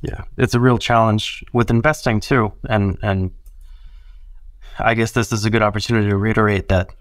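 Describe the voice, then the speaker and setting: A man's voice: fairly low pitch, fairly even intonation, normal speed, no echo. A man co-hosting a casual podcast, explaining points earnestly with fillers. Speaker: podcast co-host.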